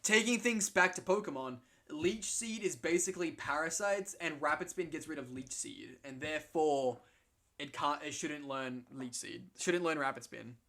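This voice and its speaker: Brief: male co-host, somewhat high voice, excitable, foul-mouthed, loose casual commentary. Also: normal speed. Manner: excitable, swears freely, restarts often. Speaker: co-host commentating league matches.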